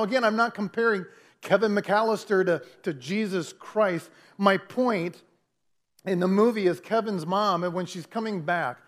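High-voiced male pastor preaching. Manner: conversational preaching with repeated restarts. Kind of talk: sermon. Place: church.

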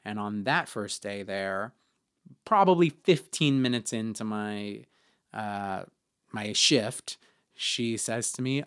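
Speaking slowly and smoothly, a male podcast co-host recounts a personal story. He chats casually, leans on plenty of fillers, and switches to higher voices for quotes.

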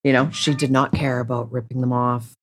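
Low-voiced woman, blunt. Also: flat delivery, fairly quick. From Canada. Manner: blunt, rambling, many restarts. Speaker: podcast guest. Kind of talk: candid interview conversation.

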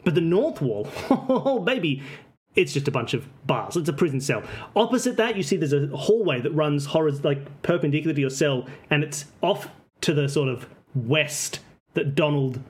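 A man narrating as game master of a tabletop game, jokey and rambling with quick asides. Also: on the high side, animated.

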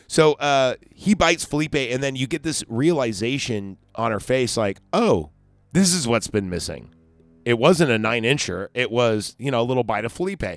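A man's voice: medium pitch, moderate pace, few pauses, no echo, clean studio sound. A man casually recapping a movie plot on a podcast, rambling and acting out bits of dialogue. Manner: rambling, acts out scenes in voices. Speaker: podcast host.

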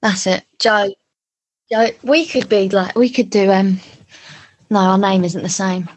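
A young woman co-hosting a podcast, playful and quick to laugh and riff on jokes. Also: mid-range voice, fairly even intonation, husky. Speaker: podcast co-host. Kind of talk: casual chat.

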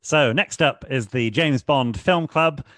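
A man's voice: medium pitch, slow, fairly bright tone, dry recording, clean studio sound. A man hosting a film podcast, agreeing with his co-hosts and introducing the next segment in an easygoing way. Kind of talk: casual film review chat.

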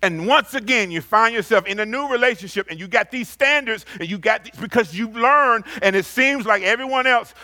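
A man preaching a sermon and reading scripture aloud, swinging from loud emphatic rises to low, quiet asides. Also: expressive. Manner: reads scripture aloud slowly.

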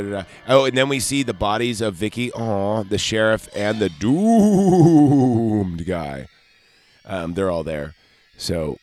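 Man, podcast host, low voice, rambling, fillers, casual recap. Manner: rambling, joking asides, many fillers.

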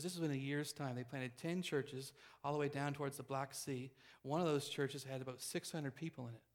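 A man preaches to his congregation, racing through an anecdote at a brisk clip. His voice sits in a middle register, and he restarts phrases as he rushes ahead. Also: mid-range voice. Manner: fast, animated storytelling with restarts. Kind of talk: sermon storytelling.

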